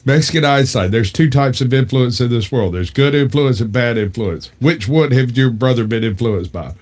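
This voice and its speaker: A man's voice: medium pitch, normal speed, darkish tone. A man who needles and questions the others in a casual comedic panel chat.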